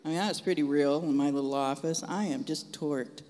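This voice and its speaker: A man preaching a testimony in an animated, frank and folksy storytelling manner. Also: a little high, fairly quick. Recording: long hall reverb.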